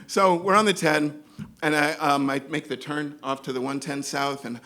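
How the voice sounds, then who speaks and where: Speaking at a moderate pace in a slightly high voice, a New Yorker tells an audience a comic story from his own life. It's live storytelling, and he stays animated throughout, acting out the other characters' voices.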